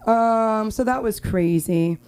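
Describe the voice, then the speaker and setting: A young woman from Los Angeles performing a rambling stand-up comedy set at an open mic, with filler-heavy talk and sudden loud outbursts. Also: on the high side, takes it slowly, clean tone.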